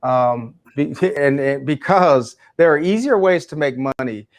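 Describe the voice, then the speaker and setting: A man's voice: fairly high pitch, lively intonation, a little slow. Passionate, emphatic male speaker. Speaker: guest, education speaker. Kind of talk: interview answer.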